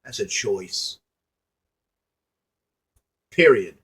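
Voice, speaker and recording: An online commentator delivers a preachy, folksy motivational monologue to his viewers, repeating lines emphatically and posing rhetorical questions. His voice is lowish, husky, and fairly bright, and he sounds animated while speaking extremely slowly.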